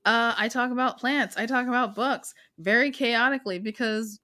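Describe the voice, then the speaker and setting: A young woman co-hosting a podcast, chatty and self-mocking, talking in quick bursts. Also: fairly high pitch, fairly even intonation, sharp tone. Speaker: podcast co-host. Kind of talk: casual chat.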